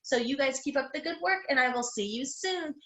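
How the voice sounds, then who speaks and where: A woman teaching young children an online phonics lesson, sounding out letters slowly in an encouraging, sing-song way. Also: high-pitched, lively intonation, pushed and bright, reverberant. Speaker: kindergarten teacher. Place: home room.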